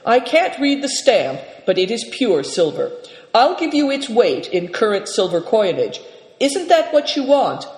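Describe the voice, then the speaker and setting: A crafty, good-humoured male trader, bargaining with sly courtesy and a lively, bouncing delivery, put on by a storybook reader. The voice sits higher than the reader's own. It rings in a reverberant room with a long tail. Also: a little slow. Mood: sly, genial. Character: shrewd, jovial male trader host.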